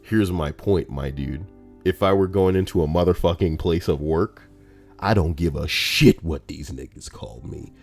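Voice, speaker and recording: A man reading out Reddit posts on a livestream, rambling and profane in a casual, animated way. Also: sits low, normal speed, vocal fry, soft background music.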